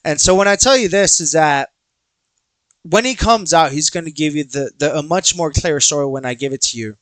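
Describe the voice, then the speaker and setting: Animated man telling a story. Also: a little high, normal speed, no echo. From Texas. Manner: animated, acts out quoted dialogue, swears freely. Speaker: podcast host. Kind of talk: casual storytelling monologue.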